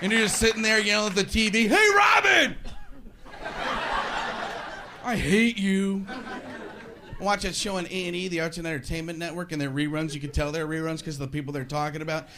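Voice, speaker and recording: A man's voice: fairly high pitch, very fast, hardly any pauses, a crowd in the background. A man doing a sarcastic stand-up comedy routine, acting out voices along the way. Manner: sarcastic, animated, acts out voices. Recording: noisy live show recording.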